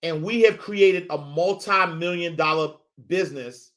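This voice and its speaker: A man hosting a motivational faith talk. He speaks in animated, repetitive, preacher-like build-ups, uses street slang and calls his listeners y'all. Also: high-pitched, measured pace. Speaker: host.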